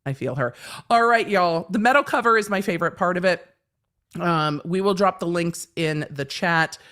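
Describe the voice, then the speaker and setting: A woman's voice: fairly low pitch, normal speed. A middle-aged woman hosting a legal commentary livestream, chatting casually and laughing, with plenty of swearing. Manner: animated, laughing, swearing freely.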